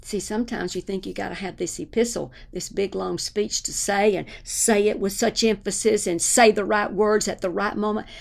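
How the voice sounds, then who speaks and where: A woman preaching a sermon with fervor, at times dropping her voice to a hushed whisper for spoken prayers. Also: mid-range voice, fairly even intonation, normal speed, vocal fry, few pauses.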